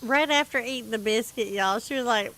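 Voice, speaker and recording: A woman's voice: on the high side, brisk, sharp tone, a little hiss or hum. Chatty woman telling stories. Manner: laughs often, chatty, self-mocking. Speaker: livestream gaming host. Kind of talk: casual storytelling chat with viewers.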